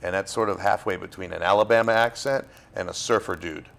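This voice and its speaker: A man from Florida, an actor being interviewed, talking in a relaxed, halting way with fillers and restarts. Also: sits low, gravelly. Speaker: actor guest. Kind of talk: casual interview talk.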